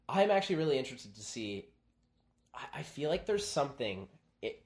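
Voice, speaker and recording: A young man co-hosting a casual podcast, chatting about films and acting out lines in quick put-on voices. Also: mid-range voice, darkish tone. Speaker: podcast co-host. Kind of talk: casual chat.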